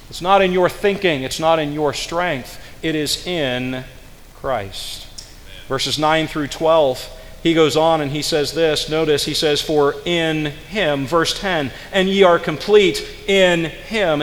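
A man preaching a sermon in a church, his voice a little higher than most and carrying a long reverb from the hall. He drops to soft, low passages and then climbs to loud, emphatic peaks. He stretches the words out slowly whenever he quotes scripture. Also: steady tone. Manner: slow, drawn-out delivery when quoting scripture.

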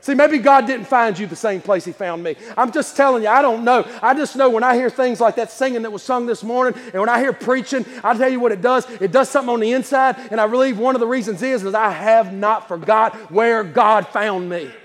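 A pastor preaching a sermon in a church, with impassioned delivery that swells into shouts. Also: male voice, very high voice, a little fast, hardly any pauses, in a large hall. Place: church sanctuary.

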